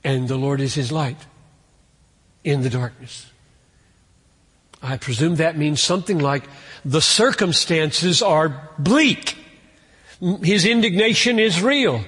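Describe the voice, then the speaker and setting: A man preaching a sermon in an earnest way, rising in pitch and force on key points. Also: expressive, a little slow, long pauses, fairly bright tone, husky, in a large hall. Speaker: pastor.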